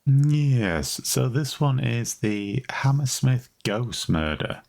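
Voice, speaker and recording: A man's voice: mid-range voice, big pitch swings, slow pace, vocal fry, darkish tone. A man from the United Kingdom, co-hosting a podcast, tells a story in a rambling, chatty way with wry asides. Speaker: podcast co-host. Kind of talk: casual chat, storytelling.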